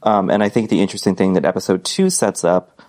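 A man co-hosting a podcast, talking haltingly with many fillers and restarts. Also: sits low, darkish tone. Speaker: podcast co-host. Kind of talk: casual podcast discussion.

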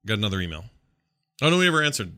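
A low-pitched man co-hosting a casual chat show. His tone is bright and forceful. He rambles along, gesturing with his hands as he talks. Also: big pitch swings, very fast. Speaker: podcast co-host.

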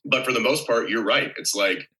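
A man's voice: medium pitch, moderate pace, pushed and bright, low-quality recording. A male actor chatting casually on a podcast, rambling a little with wry asides.

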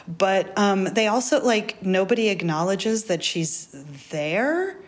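A woman's voice: medium pitch, slow pace. A woman guest on a podcast, chatting casually and sounding incredulous, with lots of fillers. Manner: incredulous, lively, many fillers. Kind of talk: casual chat.

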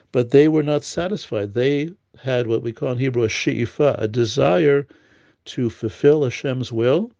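Male Torah teacher, informal explaining lesson with Hebrew quotations, halting and filler-heavy delivery, dry lo-fi recording. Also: medium pitch, gravelly, dark tone, dry recording. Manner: explains in English with Hebrew quotes, many fillers. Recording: dull lo-fi audio.

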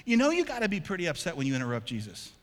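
A man's voice: fairly high pitch, huge pitch swings, very fast, a bit bright. A man pastor preaching a sermon in a church, emphatic and repetitive, calling out to his congregation and asking them to respond. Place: church sanctuary. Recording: long church-hall reverb.

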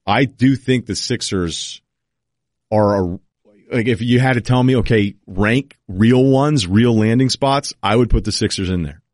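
A man hosting a podcast, giving an opinionated, rapid-fire rundown of basketball teams in casual sports talk. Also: lowish voice, darkish tone, no room sound, studio quality. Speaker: podcast host.

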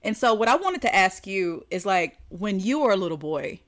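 A woman's voice: mid-range voice, very animated, normal speed, a bit bright. A woman co-hosting a casual podcast, earnestly telling a story about comforting a child. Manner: earnest, storytelling, acts out quotes. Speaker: podcast co-host. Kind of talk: casual conversation.

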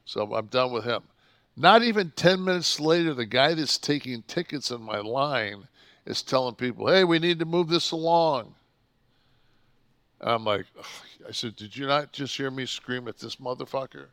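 A man in his sixties co-hosting a podcast, telling stories, swearing constantly and acting out his own shouting. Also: medium pitch, moderate pace, no room sound, clean studio sound. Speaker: podcast co-host. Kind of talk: profane storytelling chat.

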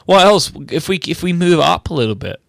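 A man with a gravelly, fry-edged voice whose pitch rises and falls a lot. He ribs his co-host in mock-serious tones. The sound is dry and close-miked. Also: animated, fairly quick, dry recording. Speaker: podcast co-host. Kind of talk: comedic banter.

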